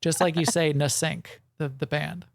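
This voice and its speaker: A man's voice: on the high side, steady tone, normal speed, gravelly, dry recording, clean studio sound. A man co-hosting a gaming podcast in casual chat, rambling and correcting himself, with frequent chuckles. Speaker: podcast co-host.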